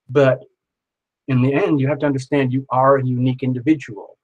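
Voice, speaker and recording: A man hosting a live tarot reading stream, speaking directly to viewers by name and leading them through gentle repeated affirmations. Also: mid-range voice, steady tone, fairly quick, highs cut off.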